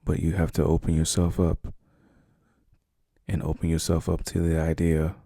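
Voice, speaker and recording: Deep gravelly man, whispered role-play. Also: completely flat delivery, no room sound, studio quality. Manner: soft, slow, soothing reassurance. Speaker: ASMR boyfriend role-play host.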